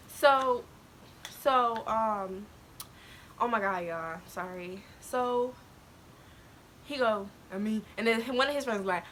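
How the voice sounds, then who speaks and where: A woman's voice: mid-range voice, unhurried, pauses often, slight background noise. A young adult woman vlogging, telling a personal story to her viewers casually, laughing often and slipping close to tears. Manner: animated, laughing often, swings into near-crying.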